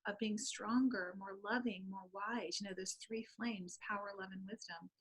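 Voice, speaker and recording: A middle-aged woman, a guest author, reads her own poetry aloud in an interview in a slow, earnest, incantatory way. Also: medium pitch, fairly even intonation, husky, rough recording.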